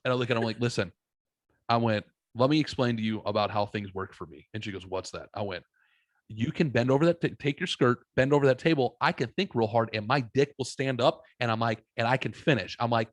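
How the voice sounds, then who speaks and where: A man's voice: medium pitch, fast talker, no echo. A man in his thirties telling a story in casual podcast chat, blunt and profane, acting out both sides of the conversation. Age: 30s.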